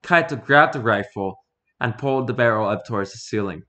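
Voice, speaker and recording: A man narrating a story in a measured, low voice and performing the characters himself. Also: expressive, sharp tone.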